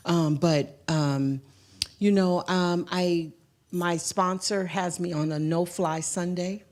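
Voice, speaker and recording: A woman giving a heartfelt spiritual testimony, halting and full of fillers. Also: fairly low pitch, steady tone, darkish tone. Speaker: guest speaker and singer.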